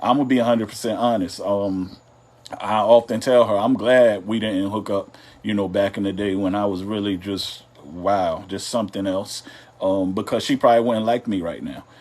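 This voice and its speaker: A man's voice: on the low side, steady tone, normal speed, a little mellow. A man co-hosting a live couples talk show, chatting casually in a loose, drawling and teasing way. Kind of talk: casual live-stream chat.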